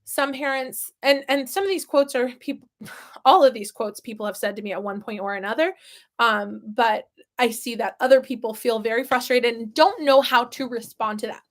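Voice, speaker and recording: A woman with a high voice speaks casually and earnestly about parenting her young child. She drifts into fillers and side remarks as she explains. Her tone is warm in wording but plain in delivery. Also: normal speed. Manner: earnest, chatty, with many fillers and soft asides. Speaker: parent talking about her autistic toddler. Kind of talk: casual explanatory talk to camera.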